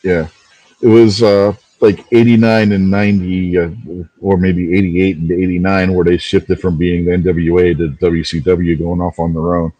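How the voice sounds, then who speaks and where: A man's voice: deep voice, level tone, moderate pace, mellow, dry recording, muffled recording. A man co-hosting a casual wrestling talk show, rambling a little and laughing easily as he talks. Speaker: podcast co-host.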